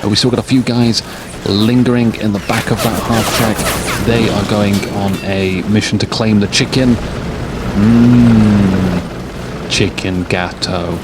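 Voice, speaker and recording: A man's voice: lowish voice, fairly even intonation, moderate pace. A tired man casting a strategy war game late at night, rambling and joking between calls of the action, with game noise behind him. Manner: rambling, jokey, drifts off topic. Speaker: game caster. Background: game sounds of gunfire and vehicles.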